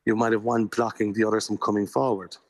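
A man's voice: on the low side, flat delivery, quick pace, no echo. An Irish man being interviewed in a radio studio as a paranormal investigator, explaining at length in an earnest, chatty way.

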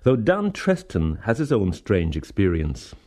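Low-voiced male documentary narrator. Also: huge pitch swings, warm tone. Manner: measured linking narration. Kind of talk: scripted narration.

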